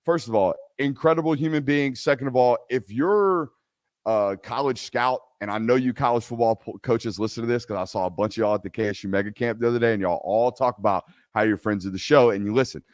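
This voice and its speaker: On a live sports talk show, a male host with a mid-range voice and a slightly fast delivery rants emphatically, hammering points through repetition, then opens up to audience questions. There's no room sound, and the quality is studio-grade.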